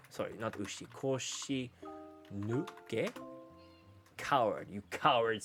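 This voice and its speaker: A young man on a casual live stream, translating aloud in a halting way, full of restarts. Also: mid-range voice, a bit bright. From Sweden. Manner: reads lines aloud in a rough gruff tone. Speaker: VTuber streamer. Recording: faint background music.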